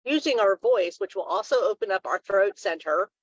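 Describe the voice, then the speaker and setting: A woman's voice: medium pitch, lively intonation, moderate pace, no room sound, dull audio. A woman co-hosting a live wellness talk stream, giving earnest advice in a casual, rambling way.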